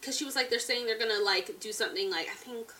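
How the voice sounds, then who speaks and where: A woman's voice: fairly high pitch, fast talker, pushed and bright, far from the mic. A woman in her twenties co-hosting a podcast, chatting casually and animatedly, laughing often and saying "like" a lot. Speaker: podcast co-host. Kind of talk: casual chat.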